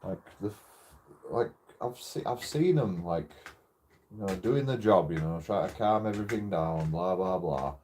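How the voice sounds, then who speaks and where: Sweary British man, low mellow voice. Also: animated, unhurried, a little hiss or hum. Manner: sweary, laughing, rambling. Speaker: streamer. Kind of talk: casual storytelling while gaming.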